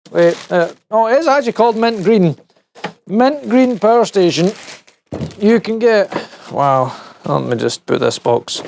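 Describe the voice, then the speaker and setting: A man's voice: high-pitched, animated, unhurried, gravelly, a little mellow, slight background noise. A man reviewing tech in a casual teardown vlog, rambling and correcting himself with wry asides. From United Kingdom.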